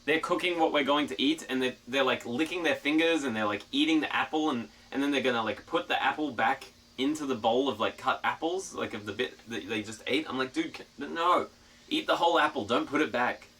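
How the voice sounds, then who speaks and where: A man chatting casually to his live stream, telling a story in a profane, rambling, animated way. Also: mid-range voice, a little fast, far from the mic, a little hiss or hum. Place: outdoors in the mountains.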